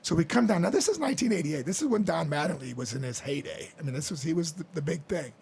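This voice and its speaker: Raspy, high-voiced middle-aged man. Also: quick pace. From US Midwest. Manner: animated storyteller acting out crowd voices. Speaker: podcast guest. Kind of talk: storytelling interview.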